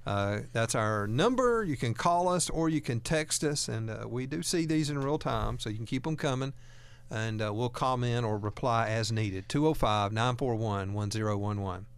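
A man's voice: mid-range voice, moderate pace, hardly any pauses, clear, resonant tone. A man hosting a talk radio show, speaking in a folksy, earnest way and often repeating words as he goes. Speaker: radio host.

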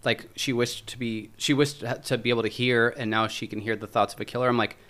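A man's voice: medium pitch, fairly even intonation, brisk, fairly bright tone. A man casually recapping a TV episode, rambling with lots of fillers and acting out the characters' lines. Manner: rambling, many fillers and acted-out quotes. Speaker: podcast host.

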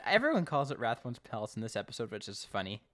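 A podcast co-host recapping an episode in casual chat, animated, with frequent restarts. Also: mid-range voice, fast, dry recording. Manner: animated, with many restarts and quoted voices.

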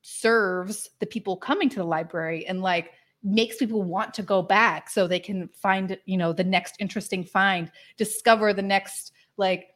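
This is a chatty woman talking in a relaxed podcast conversation, her voice sitting at an ordinary middle pitch. She rambles eagerly, peppering her sentences with "like" and breaking into laughs. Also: normal speed, hardly any pauses. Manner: chatty and enthusiastic, heavy use of "like" fillers, laughs often. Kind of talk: casual chat.

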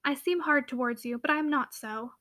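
A woman's voice: high voice, sharp tone. A woman voicing a spirited, commanding young heiress who speaks firmly and a little sternly in a classic novel reading. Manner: firm, brisk, slightly stern.

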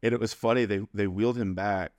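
Middle aged guy telling a personal story, jokey and laughing a lot, kinda low voice, dry sound. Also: steady tone, fast talker, no room sound. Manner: conversational, humorous, laughs between phrases. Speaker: interview guest.

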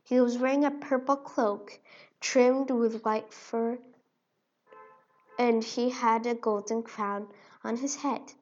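Slow, expressive woman reading a storybook. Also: on the high side. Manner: expressive, slow read-aloud. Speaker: narrator. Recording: dull lo-fi recording.

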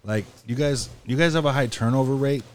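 Easygoing male storyteller, mid-pitched, loose casual banter. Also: brisk, a little hiss or hum. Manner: storytelling, swears freely, laughs often. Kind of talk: casual chat among friends.

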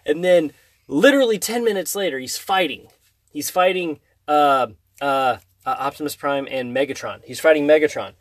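Animated man telling a story. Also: a little high, moderate pace, dry recording. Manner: animated storyteller who hums tunes and acts out scenes. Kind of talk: casual chat storytelling.

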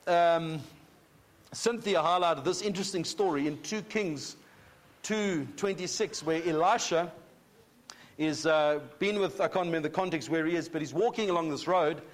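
A man teaching a Bible sermon in a conversational way, checking in with his listeners and reading scripture slowly. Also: high voice. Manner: conversational, often checking in with 'okay?'; reads scripture slowly and deliberately. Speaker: pastor.

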